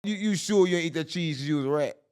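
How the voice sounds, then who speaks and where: A man hosting a casual chat, breaking in with loud reactions and questions. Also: a little high, fast, smooth. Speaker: host.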